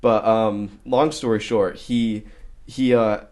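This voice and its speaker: A young man with a fairly low voice tells stories on a casual podcast. His delivery is animated, and he often laughs and breaks into sudden shouts. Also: takes it slowly. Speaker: podcast co-host. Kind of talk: casual chat.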